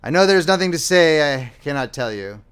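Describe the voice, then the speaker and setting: A man's voice: on the high side, lively intonation, a little fast, fairly bright tone, clean tone. A man voicing a stern male hospital doctor with a firm, clipped manner. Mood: subdued.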